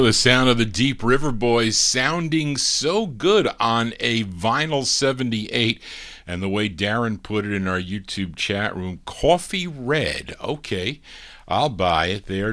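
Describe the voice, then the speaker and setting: A man with a somewhat low voice hosts a live show of old records. He talks casually, drifting through fillers and asides as he introduces each disc. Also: unhurried. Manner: relaxed, chatty, with many fillers. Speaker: radio show host.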